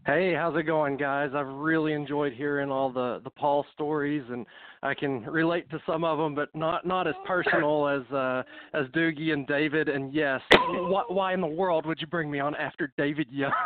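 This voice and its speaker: A man's voice: a little high, steady tone, normal speed. A man from Middle Tennessee, telling wrestling stories as a podcast guest, slightly out of breath, chatty with many fillers. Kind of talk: casual storytelling on a call. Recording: dry, phone-like call audio.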